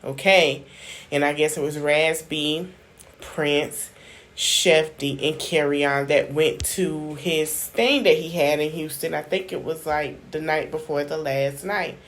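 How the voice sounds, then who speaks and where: A YouTube channel host chats casually through a reality-show recap, speaking straight to her viewers, calling them y'all and acting out quotes. Her low-pitched voice is slow and fairly even, with slight background noise.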